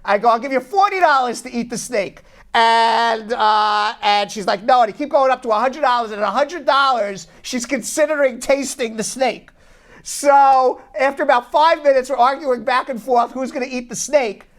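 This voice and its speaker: A man's voice: very high-pitched, fairly even intonation, moderate pace, fairly bright tone. A man hosting a casual talk show from a law office, telling stories animatedly and often repeating words as he restarts. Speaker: host, immigration attorney.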